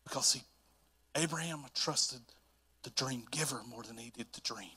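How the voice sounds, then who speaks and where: Preaching a sermon, this Southern-accented North Carolina pastor tells animated stories and leans on repeated phrases for emphasis. He speaks at medium pitch and a moderate pace, with a breathy edge.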